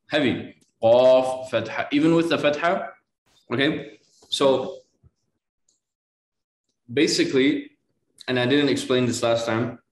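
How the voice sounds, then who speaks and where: A man teaching Quran reading one-on-one, patiently correcting pronunciation and slowly modeling each sound. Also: medium pitch, roomy sound.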